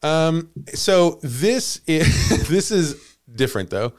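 A man's voice: a little high, big pitch swings, takes it slowly. A man hosting a comedy podcast, telling a story in playful casual chat and laughing often. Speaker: podcast host.

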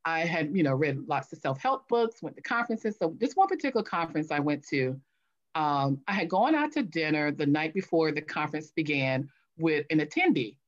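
Lively woman guest, storytelling, muffled lo-fi recording. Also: deep voice, a little fast. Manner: animated, acts out her own past voice. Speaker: guest, author. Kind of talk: interview storytelling.

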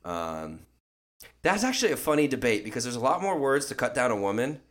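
A man's voice: big pitch swings, fairly quick, fairly bright tone. A man co-hosting a podcast, joking and laughing in loose casual banter. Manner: laughing, joking, trailing off into a low voice. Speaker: podcast co-host.

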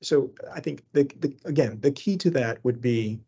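A man's voice: medium pitch, normal speed, dark tone, breathy edge, lo-fi sound. A middle-aged man from Cuba, an educator speaking as a podcast guest, talking earnestly and growing emphatic when he makes a point. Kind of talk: conversational podcast interview.

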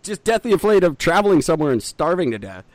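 A man's voice: fairly high pitch, big pitch swings, quick pace, darkish tone, no room sound. A man co-hosting a casual podcast chat, laughing easily and making fun of himself. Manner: chatty, laughs often, self-deprecating.

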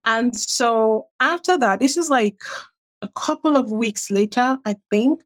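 A woman's voice: a little high, unhurried. A middle-aged woman from Nigeria, a writer, telling her own story and acting out what others said in a raised, livelier voice. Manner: acts out quoted people with a raised, livelier voice. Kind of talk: animated personal storytelling.

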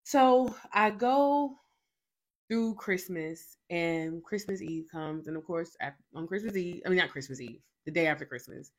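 A woman's voice: on the low side, measured pace. Emphatic woman telling a personal testimony. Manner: emphatic storytelling with many repeated fillers. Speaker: faith podcast host.

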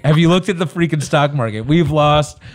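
A man in casual political banter, rambling and animated, restarting his sentences. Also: on the high side, moderate pace.

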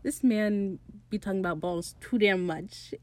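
A woman's voice: medium pitch, measured pace, no echo. A woman in her late teens recapping a TV episode in casual, gushing chat, swearing freely. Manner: excitable, gushing, swears freely, laughs often. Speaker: TV show recap host.

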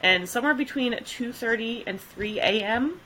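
A woman co-hosting a podcast, telling a case in a chatty, relaxed way with easy laughs and fillers. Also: a little high, normal speed, slight background noise, low-quality recording. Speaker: podcast co-host. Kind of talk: casual chat, telling a case.

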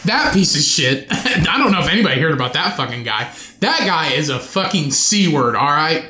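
A man's voice: a little high, sing-song, normal speed, bright, forceful tone, reverberant. A young man hosting a solo podcast from his home studio, rambling, swearing and cutting himself off mid-sentence. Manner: profane, rambling, self-interrupting. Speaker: podcast host.

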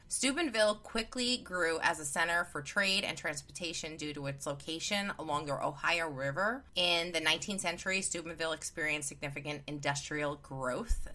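A woman co-hosts a podcast and reads the background of a case from her notes in a bright, clear tone. Her voice sits slightly low. She breaks off into casual asides and corrects herself as she goes. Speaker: podcast co-host.

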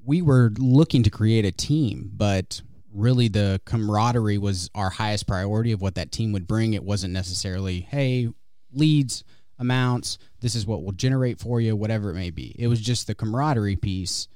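A man's voice: fairly low pitch, normal speed, darkish tone, no echo. A man from West Texas, a guest real estate agent, talking in an easygoing, earnest way in a radio studio. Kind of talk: casual interview talk.

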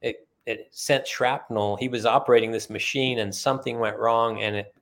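A man's voice: mid-range voice, steady tone, moderate pace, a bit bright. A middle-aged man telling a story in conversation as a guest, acting out the quoted dialogue in earnest. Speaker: podcast guest.

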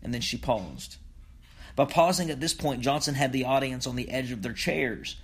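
A man's voice: medium pitch, moderate pace, slightly rough. Man demonstrating vocal delivery. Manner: demonstrative, varies loudness and pace for effect. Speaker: speech teacher. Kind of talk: instructional reading and explanation.

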